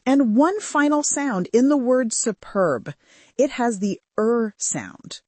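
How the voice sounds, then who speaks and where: Slow, careful British woman teaching sounds. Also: fairly high pitch, animated, darkish tone, no room sound. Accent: modern British. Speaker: pronunciation teacher. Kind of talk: scripted language lesson.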